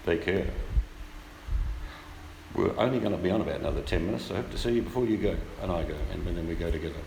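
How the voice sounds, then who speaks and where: A man's voice: sits low, fast, creaky, a little mellow, reverberant, in a large hall, slight background noise, poor audio. A man chatting casually and jokingly, often slipping into silly voices. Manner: playful, breaks into silly voices and singing. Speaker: livestream chatter.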